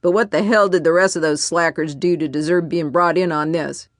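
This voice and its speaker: A woman voicing a brash, loudmouthed male military colonel who barks orders. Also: deep voice, steady tone, a little fast, dry recording, studio quality, natural voice. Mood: scornful. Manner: barking, commanding.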